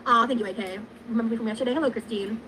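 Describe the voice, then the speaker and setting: A woman livestreaming, chatting quickly and joking as she excuses herself. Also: a little high, a bit bright, a little hiss or hum, low-quality recording. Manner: rapid, joking, self-excusing. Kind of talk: casual livestream chat.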